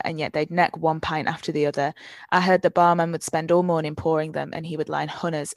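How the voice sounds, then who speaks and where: A woman's voice: low voice, no echo, clean studio sound. A woman reading as a weary old neighbour. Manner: plain reading, no put-on accent. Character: older Glasgow woman neighbour, bitter, weary. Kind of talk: reading a novel passage aloud.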